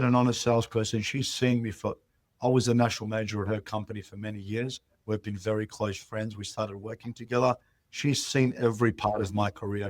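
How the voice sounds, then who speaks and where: A real estate CEO tells stories as an interview guest, bringing them to life by acting out what people said. He's animated, and his fairly low voice comes through with no echo.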